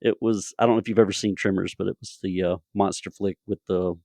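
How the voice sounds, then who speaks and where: A man with a Southern US accent from the Deep South, hosting a casual podcast interview, easygoing with frequent stammering restarts. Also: steady tone, quick pace, vocal fry, a little mellow, no room sound, clean studio sound. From Deep South, United States. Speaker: podcast host.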